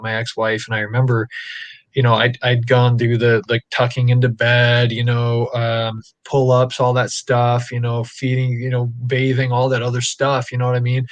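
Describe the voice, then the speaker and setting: Casual male storyteller, mid pitch, dry close mic, chatty and rambling. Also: moderate pace, no echo. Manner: rambling, animated storyteller with many fillers. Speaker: podcast guest dad. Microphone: live stream call.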